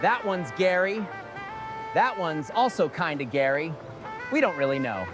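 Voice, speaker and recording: A man's voice: fairly high pitch, expressive, measured pace. A man voicing an overexcited male water park tour guide with showman announcer patter. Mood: wry. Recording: music bed behind voice.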